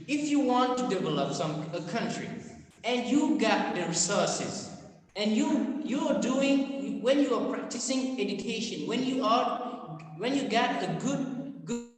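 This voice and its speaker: A man's voice: very high voice, animated, unhurried. A teenage boy giving an earnest competitive debate speech over a video call, searching for words and restarting phrases. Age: teens. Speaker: student debater. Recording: distant mic in a reverberant hall.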